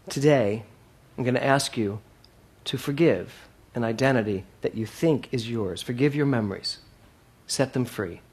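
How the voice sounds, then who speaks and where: A man's voice: medium pitch, slightly rough. Male minister, mid-range voice, delivering a sermon with emphatic repetition and dynamic swings in volume. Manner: emphatic, repeats key phrases, swings from loud to soft.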